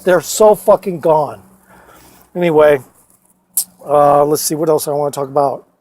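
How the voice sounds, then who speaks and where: A man with a notably high-pitched voice tells loose, meandering personal stories into his phone. He swears freely and keeps stopping to restart his sentences, padding them with "uh" and "you know". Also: measured pace, a little mellow. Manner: profane, rambling, many fillers and restarts. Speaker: storyteller vlogger. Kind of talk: casual rambling storytelling.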